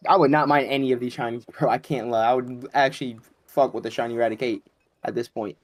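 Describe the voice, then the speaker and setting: A man joking around in a casual gaming chat, crude and quick with banter. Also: mid-range voice, steady tone, dry recording.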